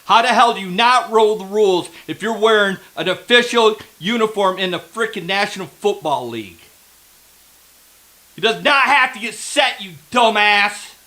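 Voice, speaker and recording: A football fan reacting live to a game, ranting angrily and swearing at the referees. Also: male voice, high voice, sharp tone, rough recording. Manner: angry ranting, heavy swearing; heckles the referees.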